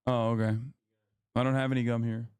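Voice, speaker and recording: A man's voice: mid-range voice, level tone, fairly quick, smooth, no echo. Heated, profane male streamer. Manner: profane, heated, mocking, mimics opponents in a shouting voice. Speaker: streamer reacting to a clip. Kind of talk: casual political commentary stream.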